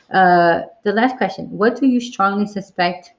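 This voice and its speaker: Candid, animated woman on a lo-fi livestream. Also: mid-range voice, normal speed. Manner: candid, animated, swears freely. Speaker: livestream host. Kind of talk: casual livestream Q&A chat. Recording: dull lo-fi livestream audio.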